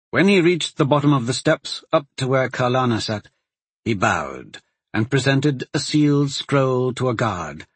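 A man narrating a fantasy story in a steady, even storytelling manner. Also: medium pitch, slightly rough, no room sound.

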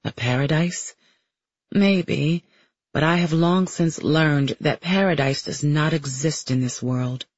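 A man giving a steady, measured first-person audiobook narration. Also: fairly high pitch, breathy edge, dry recording, highs cut off.

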